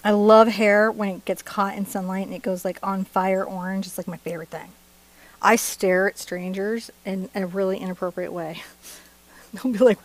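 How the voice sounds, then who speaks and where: Speaking at normal speed in a steady, medium-pitched voice, a middle-aged woman leads a live-streamed painting tutorial. She's playful and talkative, joking and laughing as she moves between steps.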